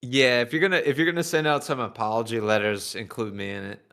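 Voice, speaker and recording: A male co-host with a bright, forward voice at middle pitch. He talks in a wry, self-deprecating way. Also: fairly even intonation, fast talker, gravelly. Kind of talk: casual podcast chat.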